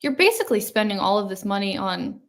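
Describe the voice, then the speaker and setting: A woman interviewing a guest in a relaxed chat, animated and laughing often. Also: mid-range voice, quick pace. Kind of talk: casual conversation.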